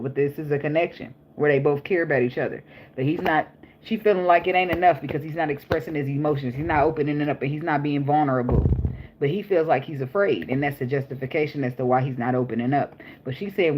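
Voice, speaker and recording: A woman's voice: sits low, brisk, a little mellow, slight background noise. A young woman reading tarot in a casual, chatty way, blunt and profane, laughing often. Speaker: tarot reader.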